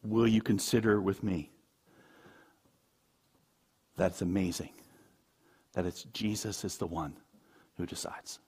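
A man preaching a sermon, moving from quiet asides to loud, high-pitched emphasis. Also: steady tone, slow pace, pauses often, husky. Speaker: pastor.

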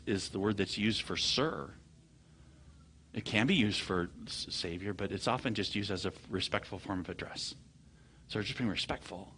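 A man preaching a sermon, telling stories with animated swings from low murmurs to loud high bursts. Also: a little hiss or hum. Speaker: pastor.

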